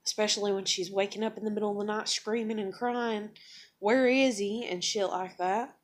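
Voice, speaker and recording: A woman venting in a personal vlog, blunt and emotional, swearing often as she talks about her life. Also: a little fast. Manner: acts out others in higher excited voices. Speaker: vlogger.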